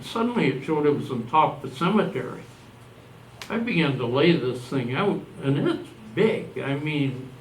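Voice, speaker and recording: A man's voice: medium pitch, a little hiss or hum. Older man giving a talk, roomy. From Canada. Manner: rambling, restarts and corrects himself. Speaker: presenter at a genealogy society talk. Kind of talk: informal presentation to a live audience. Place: meeting room. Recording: echoey room recorded from a distance.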